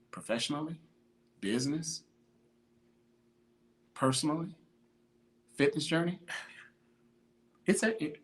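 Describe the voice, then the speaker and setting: A man's voice: a little high, a little mellow. Emphatic slangy man preaching fitness. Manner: greets viewers by name mid-talk. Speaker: podcast host, fitness motivator. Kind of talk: motivational monologue.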